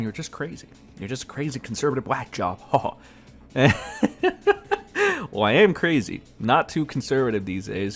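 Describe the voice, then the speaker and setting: A man giving a profane, sarcastic rant as a gaming commentator. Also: medium pitch. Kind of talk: ranting commentary vlog.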